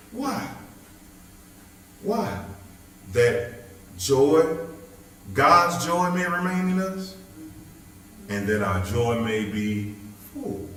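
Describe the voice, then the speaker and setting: Joking pastor in an echoey church. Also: male voice, medium pitch, distant mic. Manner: joking, lively, teasing the audience. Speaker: pastor leading Bible study. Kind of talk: conversational preaching. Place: church hall. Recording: very echoey hall, voice off-mic.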